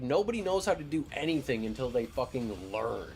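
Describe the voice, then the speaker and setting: A man's voice: mid-range voice, big pitch swings, fairly quick, hardly any pauses, a little hiss or hum. A young man streaming a game, telling a profane, ranting story in casual chat.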